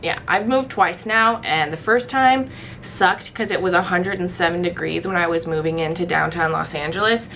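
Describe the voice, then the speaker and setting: A young woman from Ohio telling a story to camera in a vlog, animated and acting out the people she quotes. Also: on the low side, moderate pace, creaky, a little hiss or hum. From Ohio, USA. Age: young adult. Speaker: vlogger.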